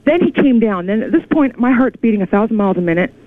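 A woman calling into a radio show, telling her story in an excited, rambling way with many restarts. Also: fairly high pitch, quick pace. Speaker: caller. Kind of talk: call-in radio chat. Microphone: telephone. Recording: tinny phone line.

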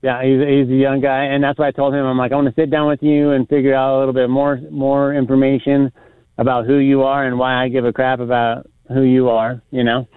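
In a casual podcast chat, a man tells a rambling story packed with fillers and restarts, acting out quotes as he goes. His mid-range voice has little pitch movement and is fairly quick and smooth; the recording is dry with a tinny, phone-like sound.

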